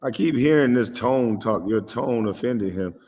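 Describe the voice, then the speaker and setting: A man's voice: medium pitch, moderate pace, darkish tone, long reverb tail, soft background music. An American man giving casual reaction commentary, aggrieved and repetitive, swearing freely.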